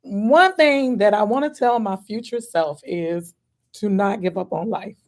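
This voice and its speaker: A woman's voice: medium pitch, measured pace. A woman in her forties answering questions in a casual vlog, candid and chatty, with frequent ums and easy laughs. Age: 40s. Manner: gives herself a pep talk with "girl" and "baby". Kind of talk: casual chat.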